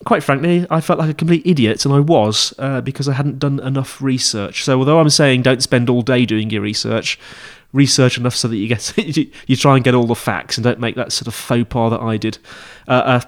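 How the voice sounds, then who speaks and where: A man's voice: medium pitch, a little fast, few pauses. Chatty man giving casual tips. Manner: chatty, rambling, with frequent fillers and self-corrections. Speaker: podcast host teaching interview skills. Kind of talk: casual instructional monologue.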